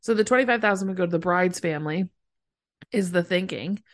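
A woman's voice: fairly low pitch, a little fast. A woman co-hosting a podcast, recapping a TV episode in casual chat and laughing often mid-sentence. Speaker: podcast co-host.

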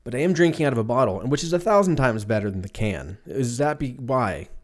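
A man's voice: medium pitch, expressive, quick pace. A man in his thirties hosting a solo podcast, rambling casually with loose, profane, jokey storytelling while drinking a beer. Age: 30s. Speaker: podcast host.

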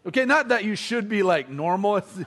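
A middle-aged man with a slightly high, somewhat quick voice tells an audience a funny story about his family. He's animated and performs the voices of his relatives as he goes.

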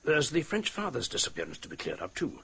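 An actor in a radio play voicing a gruff police captain who speaks in a brusque, matter-of-fact way. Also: male voice, mid-range voice, wildly swooping pitch, fast, a bit bright, a little hiss or hum, exaggerated voice.

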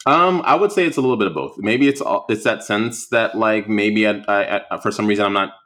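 A young man speaks in a low, relaxed register as a guest in a casual conversation. He rambles, circling back with fillers and restarts as he works through his thoughts. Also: a little fast.

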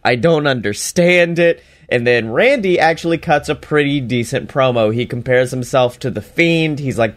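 A man's voice: mid-range voice, moderate pace, hardly any pauses. A man giving a casual, sarcastic recap of a wrestling show, laughing as he mocks it. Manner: sarcastic, mocking, laughs while talking.

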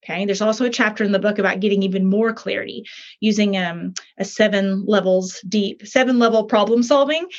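A woman's voice: medium pitch, steady tone, a little fast, lo-fi sound. A woman author and coach explaining her problem-solving method in a chatty, emphatic way, acting out little scenes as she goes. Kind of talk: animated talk explaining a method.

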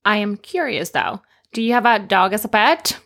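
A woman co-hosting a children's lesson, teaching simple Spanish words and telling playful jokes in a slow, cheerful voice. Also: medium pitch, expressive, fairly bright tone.

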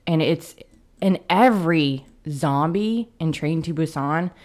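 A woman's voice: low voice, a little mellow. A woman co-hosting a podcast in casual chat, often hesitating and repeating words as she starts a thought. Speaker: podcast co-host.

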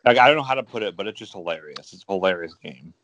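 Low-voiced man, dry close sound. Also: animated, very fast, a bit bright, no echo, dull audio. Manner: rambling, enthusiastic gamer talk with many fillers. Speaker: podcast co-host. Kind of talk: casual chat.

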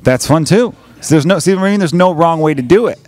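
Fast-talking, profane American podcast man. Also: on the high side, darkish tone, dry recording. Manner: fast, profane storytelling, acts out quoted voices. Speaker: podcast host. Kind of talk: casual podcast chat.

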